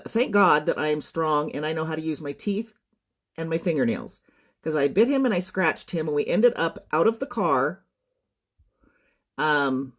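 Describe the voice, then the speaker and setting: Shaken woman telling a painful personal story. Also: sits low. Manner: shaken, trying to keep composure, many ums. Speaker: social media storyteller. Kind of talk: emotional personal testimony to viewers.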